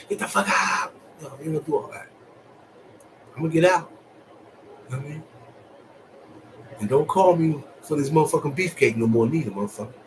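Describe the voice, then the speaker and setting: A man giving blunt, profane relationship advice in a casual monologue, moving from calm and low to loud and high. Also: a little hiss or hum, poor audio. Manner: profane, blunt street talk with lots of laughing. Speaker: vlogger.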